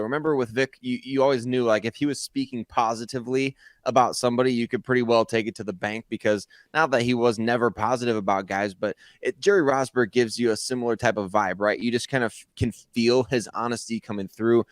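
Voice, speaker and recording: A man's voice: medium pitch, steady tone, a little fast, few pauses, no room sound. A man with a mid-range voice co-hosts a sports podcast. He talks in an easy, opinionated, conversational way. The recording is close and dry. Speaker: podcast co-host.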